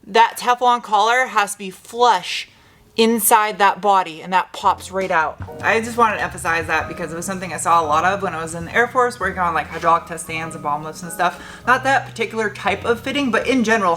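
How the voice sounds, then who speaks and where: A woman's voice: mid-range voice, brisk, sharp tone, faint music behind. A young adult woman casually narrating her truck restoration in a garage, joking and talking to herself as she works. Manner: chatty, joking, talks to herself while working. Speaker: car restoration vlogger.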